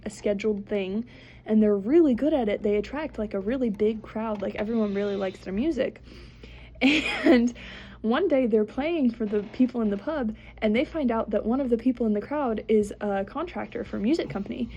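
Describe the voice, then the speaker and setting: A woman's voice: a little high, warm tone. A young woman, a podcast co-host, telling a long rambling joke with lots of fillers and acting out the characters' lines in her own voice.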